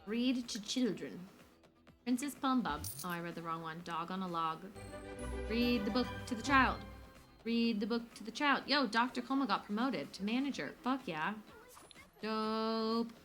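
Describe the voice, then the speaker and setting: A woman's voice: a little high, expressive, measured pace, a bit bright. A woman casually commenting on a life-simulation game she is streaming, swearing freely and talking to her characters, with game music behind her.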